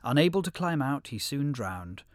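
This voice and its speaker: Expressive man reading a fable aloud. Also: mid-range voice, normal speed, no echo, clean studio sound. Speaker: storyteller. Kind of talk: storybook narration.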